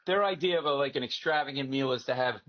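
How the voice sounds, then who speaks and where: A man who is a comedian guest, telling comic stories in an animated, rapid way with frequent "right?" asides. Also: mid-range voice. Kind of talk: comic storytelling. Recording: dull lo-fi sound.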